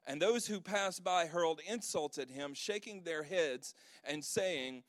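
A man's voice: a little high, unhurried, fairly bright tone, no echo, clean studio sound. A man preaching a sermon as pastor, reading scripture emphatically and leading a prayer.

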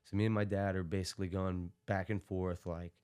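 Deep-voiced young man telling stories. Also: brisk, smooth. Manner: animated storytelling, laughs often. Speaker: podcast guest. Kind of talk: casual chat.

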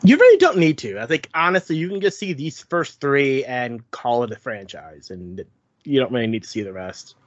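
A man's voice: mid-range voice, very animated, moderate pace, dry recording, highs cut off. A man co-hosting a podcast in casual chat, candid and laughing often. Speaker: podcast co-host.

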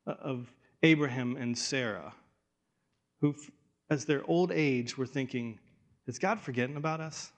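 Casting: man in his thirties, pastor, earnest and emotional, mid-range voice, repeats words as he restarts. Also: medium pitch. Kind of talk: sermon.

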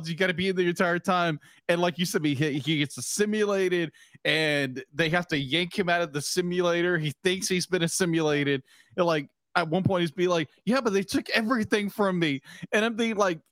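Male podcast co-host, high pitch, dry close mic; rambling, restart-heavy, laughing delivery. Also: fairly bright tone, no room sound. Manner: rambling, stumbles and restarts often, laughs a lot. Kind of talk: casual chat.

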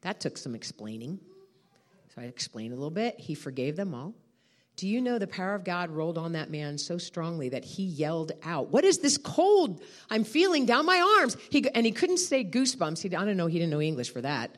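A woman's voice: sits low, lively intonation, brisk, darkish tone. A woman preaching a sermon, telling a personal testimony with heartfelt emotion. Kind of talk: storytelling sermon.

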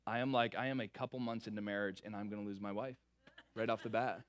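A young man preaching, telling a funny story from his early marriage in a lively, playful way before turning earnest. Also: fairly low pitch, fast talker. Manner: animated, playful storytelling with big swings in energy. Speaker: pastor. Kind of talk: sermon with a personal story.

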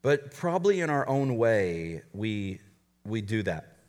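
A man's voice: on the low side, sing-song, takes it slowly, darkish tone. A man preaching a sermon as a college pastor to a live church audience, talking conversationally with frequent restarts and joking asides. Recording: long hall reverb.

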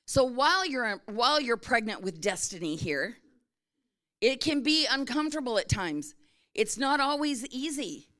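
A woman's voice: fairly high pitch, very animated, unhurried, a bit bright. A middle-aged woman pastor giving a sermon in a conversational, storytelling way, often checking in with her congregation.

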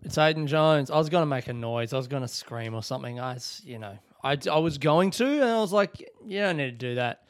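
A man's voice: on the high side, animated, a little fast, few pauses, no room sound. A young Australian man hosting his own podcast, chatting casually, swearing and joking sarcastically, with frequent laughs. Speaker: podcast host. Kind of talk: casual solo podcast chat. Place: home room.

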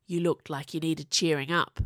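Woman reading as a deadpan young goth waiter, teasing and dry, lively lilt, storybook. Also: medium pitch, fairly quick, no echo.

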